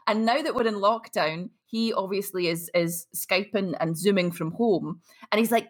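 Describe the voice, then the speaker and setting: A woman's voice: medium pitch, moderate pace, husky. A woman in her thirties hosting a casual chat, telling stories and acting out voices. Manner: lively storyteller, acts out voices, laughs. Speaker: host.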